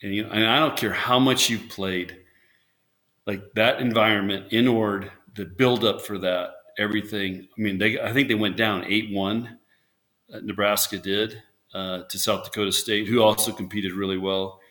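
A man's voice: fairly low pitch, fairly even intonation, moderate pace, bright, forceful tone. A man, a former volleyball coach, chatting casually in an interview and telling rambling stories with lots of restarts. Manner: rambling storyteller, many restarts, acts out quotes.

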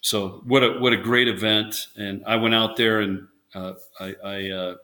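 A former volleyball coach chats casually in an interview, telling rambling stories full of restarts and acting out quotes. His voice is lowish, with flat delivery, a moderate pace, and a bright, forceful tone.

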